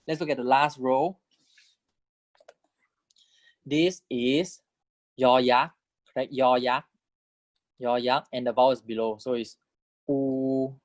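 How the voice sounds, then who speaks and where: A man teaching a recorded lecture, patiently drilling syllables, repeating each one and checking with "right?" while modeling tones with exaggerated pitch jumps. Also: darkish tone, no echo, studio quality. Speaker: language teacher.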